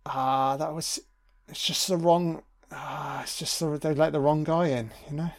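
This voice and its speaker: A man's voice: on the high side, fairly even intonation, a little slow. A man giving a casual, sweary and wry commentary over a film.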